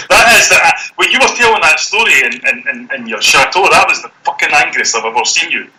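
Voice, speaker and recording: A man calling in to a podcast, telling a crude, animated story with laughter. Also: on the high side, brisk. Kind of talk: casual storytelling. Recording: echoey phone line with faint hiss.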